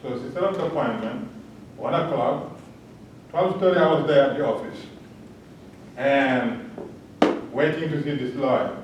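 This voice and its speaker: Male panel speaker, unhurried and earnest, recorded at a distance in a reverberant room. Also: dull audio. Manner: earnest, storytelling, chuckles at own jokes. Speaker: panel respondent. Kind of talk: public talk with personal anecdote. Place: large lecture hall. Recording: echoey hall from a distance, faint rumble.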